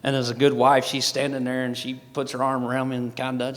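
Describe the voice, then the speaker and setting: A man's voice: mid-range voice, flat delivery, brisk. A man gives a folksy personal testimony as a guest speaker, with many restarts. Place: large event hall. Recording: long hall reverb.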